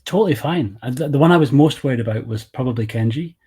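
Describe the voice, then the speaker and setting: Husky man with a soft Scottish accent. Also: mid-range voice, expressive, fast. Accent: Scottish, East Coast, softened by years in the US. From East Coast of Scotland. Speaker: guest, YouTube channel host. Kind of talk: casual interview chat.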